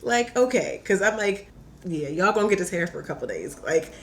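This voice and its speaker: A young woman tells a story in easy, casual talk. Her voice sits a little low for a woman. She keeps it lively and fills it with "like", slipping into the voices of her own quotes. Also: a little fast, a little hiss or hum. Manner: animated, says "like" a lot, acts out her own quotes. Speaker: podcast guest.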